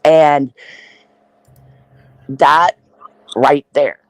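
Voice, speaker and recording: Brief: woman podcast host, casual storyteller, from Iowa, dry close sound, lively delivery. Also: sits low, extremely slow, dry recording, poor audio. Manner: animated storyteller, acts out quoted voices.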